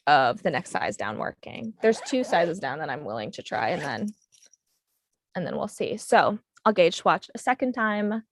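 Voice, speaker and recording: Young woman, New England accent, casual rambling livestream chat, lots of ums, gravelly, dry close sound. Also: on the low side, no room sound. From United States. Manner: chatty, rambling, frequent ums. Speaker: livestream host. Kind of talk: casual chat while knitting.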